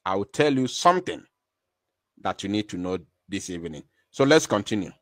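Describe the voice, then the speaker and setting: A man's voice: deep voice, very animated, normal speed, fairly bright tone, no echo, clean studio sound. A Nigerian man giving impassioned live commentary, emphatic and full of rhetorical questions.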